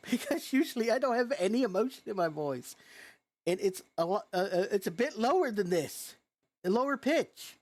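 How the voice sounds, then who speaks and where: A woman's voice: medium pitch, animated, moderate pace, a little mellow. A woman vlogger with a youthful-sounding voice, ranting in a frustrated, blunt and profane way. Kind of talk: angry reaction rant.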